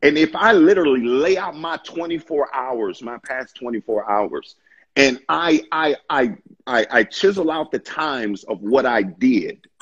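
A man in a casual faith discussion, talking in an impassioned, preachy way with stammering restarts and a husky voice. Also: medium pitch, a bit bright, lo-fi sound.

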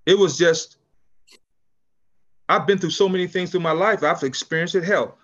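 An older man from California with a high-pitched voice tells a story in a relaxed interview. He is lively and restarts his sentences often, slipping into other people's voices as he goes. The sound is dull and lo-fi. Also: normal speed. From California, USA. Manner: animated storyteller, acts out quotes, frequent restarts. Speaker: podcast guest, business founder.

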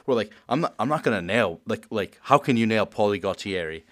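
A man's voice: fairly low pitch, quick pace, hardly any pauses. A man hosting a casual podcast, rambling with many fillers and restarts. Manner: rambling, full of likes and restarts.

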